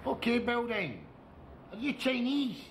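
A man's voice: very high-pitched, expressive, unhurried, a bit bright, a little hiss or hum. A Scottish man in a comedy sketch, cracking cheeky jokes. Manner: cheeky, wisecracking.

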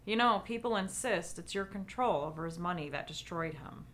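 An actress playing a deadpan entertainment reporter who narrates and interviews in a mockumentary. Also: female voice, lowish voice, moderate pace, lightly acted. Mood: dry. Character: female entertainment reporter, dry and exasperated. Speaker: documentary interviewer.

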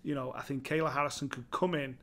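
A man with a Scouse accent co-hosting a fight preview, chatting in an animated way and swearing freely. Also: mid-range voice, fast talker, gravelly. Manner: animated, swears freely, calls people baby. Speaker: MMA show co-host. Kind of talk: casual fight preview chat.

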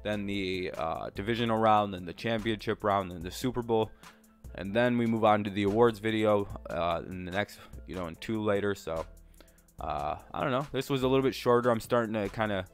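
Fairly low in pitch and smooth, his voice moves a little fast over soft background music. He's a channel host running through sports predictions in a loose, rambling way, full of fillers and profanity, slightly out of breath.

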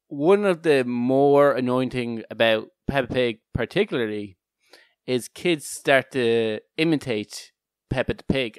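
A man's voice: medium pitch, no room sound. Chatty man with a dry sound. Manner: rambling, laughs often, frequent restarts. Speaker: podcast co-host. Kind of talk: casual chat.

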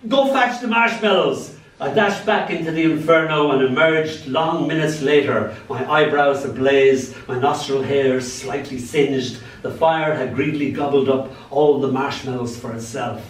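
A man's voice: mid-range voice, steady tone, moderate pace, hardly any pauses. A middle-aged man giving a live poetry reading at a showcase, wry and given to chuckling asides. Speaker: poet. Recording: roomy hall, distant mic, faint room noise.

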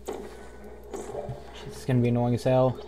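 A man's voice: mid-range voice, measured pace, noisy background. A young man giving casual gameplay commentary from home on a desktop mic, rambling, goofy and swearing a lot. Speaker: let's play commentator.

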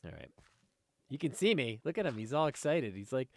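Speaking fairly quickly in a sing-song, mid-range voice, this let's play host rambles casually through his gameplay. He's easily distracted and keeps talking to his viewers and to the on-screen creatures.

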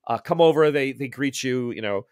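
A man running a tabletop game, talking at a middling pitch with many halting restarts. His voice sits close and dry, with no room around it. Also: expressive, no room sound. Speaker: game master.

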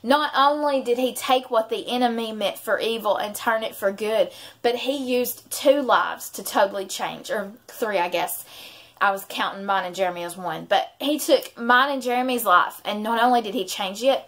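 Here a thirties-aged vlogger and mom gives an emotional testimony, wandering through a sincere account of her faith. She speaks with a somewhat bright, higher-pitched voice.

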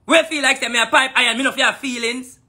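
Brief: a Jamaican man with a very bright, piercing voice, ranting profanely at his critics. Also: extremely high pitch, fairly even intonation, fast talker. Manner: heated, profane, repetitive taunting in patois. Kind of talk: angry ranting monologue.

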